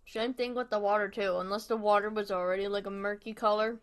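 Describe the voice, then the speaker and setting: A young woman hosting a live stream, softly chatting and rambling in casual commentary as she watches a video, with small laughs, close to a desk mic at home. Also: medium pitch, fairly even intonation, fast, clean tone. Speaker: livestream host. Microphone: desk microphone close up.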